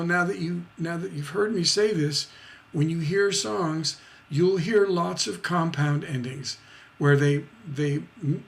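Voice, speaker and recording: A man with a gravelly, slightly high voice gives a live-streamed songwriting lesson. He talks slowly and rambles, filling pauses with ums and asking "right?" as he goes. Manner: chatty, rambling, many fillers and tag questions. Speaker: songwriting teacher.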